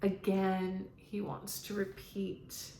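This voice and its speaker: A woman speaking as a spiritual medium, relaying messages to viewers in a halting monologue full of "um"s. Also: mid-range voice, monotone, warm tone, a little hiss or hum. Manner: halting, frequent "um" fillers. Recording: echoey room.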